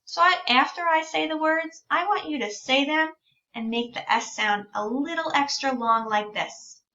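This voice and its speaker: A woman teaching a speech-sound lesson to young children, sounding out words slowly and drawing out sounds. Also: sits high, pushed and bright. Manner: slow, drawn-out sounding out of words. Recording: distant, dull lo-fi recording.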